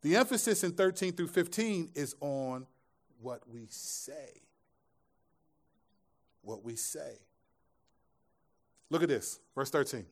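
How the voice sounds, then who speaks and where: A man's voice: medium pitch, expressive, slow, long pauses. A man pastor giving a sermon to a live congregation in a conversational style, mixing scripture with jokes and asides. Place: church room with a live audience.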